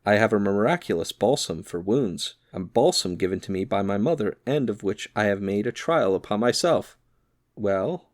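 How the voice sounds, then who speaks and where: A man's voice: lowish voice, darkish tone, dry recording, studio quality. A man voicing an earnest young swordsman in an audiobook reading, speaking politely and simply.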